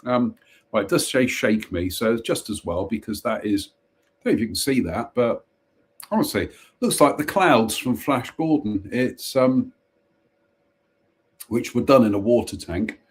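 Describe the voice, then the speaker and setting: A man's voice: mid-range voice, expressive, moderate pace, long pauses. A man reads short ghost stories aloud on a casual live stream. He breaks off now and then for dry, jokey asides. He trips over a word now and then and simply goes back to it. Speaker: host reading ghost stories.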